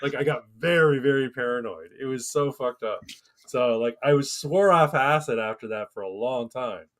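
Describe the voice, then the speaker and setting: A man's voice: mid-range voice, normal speed, fairly bright tone. A man in his thirties telling a rambling, profane story on a casual podcast and acting out the voices of the people in it. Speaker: podcast co-host.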